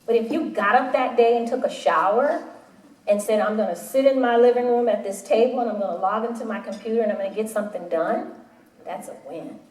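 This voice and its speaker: Brief: woman in her forties, motivational speaker, brighter than average pitch, lively storyteller, caught on a faraway mic in a roomy hall. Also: fairly quick, distant mic. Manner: animated storytelling, acting out quoted voices. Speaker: panel speaker. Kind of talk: motivational talk to a live audience.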